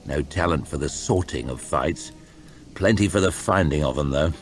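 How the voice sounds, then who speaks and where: A man doing a gruff, blunt northern warrior. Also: a bass voice, moderate pace, faint music behind, pitched below the performer's own voice. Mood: muttering. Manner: grunting, blunt.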